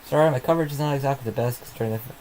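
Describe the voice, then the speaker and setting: Talking very fast in a medium-pitched, slightly mellow voice, a man runs an informal livestream while sounding sleepy and yawning. He rambles and mutters to himself as updates are slow to come. Slight background noise and low recording quality mark the clip.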